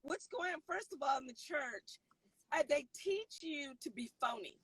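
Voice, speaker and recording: A woman's voice: high-pitched, animated, a little slow, fairly bright tone, no echo, low-quality recording. A middle-aged woman, a mother, giving her opinion in a casual discussion in an explaining way. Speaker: guest, a mother.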